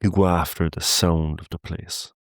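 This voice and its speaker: A man's voice: low-pitched, little pitch movement, moderate pace, no echo, clean studio sound. A man with a Cork Irish accent, hosting a podcast as an earnest, explanatory monologue. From Ireland. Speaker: podcast host.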